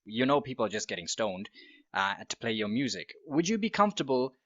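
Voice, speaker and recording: A man's voice: medium pitch, very animated, a little fast, a bit bright. A man hosting a podcast, asking long questions that he rephrases as he goes. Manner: rambling, rephrases his questions. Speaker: podcast host. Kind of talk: interview questions. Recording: lo-fi muffled audio, distant from mic.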